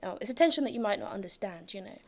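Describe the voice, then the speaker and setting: A woman's voice: medium pitch, expressive, very fast, a little mellow. A young woman with a London accent, telling a casual story on a couch in a chatty way, full of "like" fillers. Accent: London English. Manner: chatty, many "like" fillers, amused. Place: indoors on a couch.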